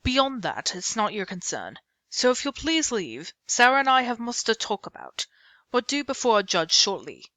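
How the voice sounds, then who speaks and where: A man's voice: very high voice, sing-song, moderate pace, sharp tone, dry recording, voice pushed up, exaggerated voice. A woman reading aloud and voicing a polite, confident, well-dressed male attorney.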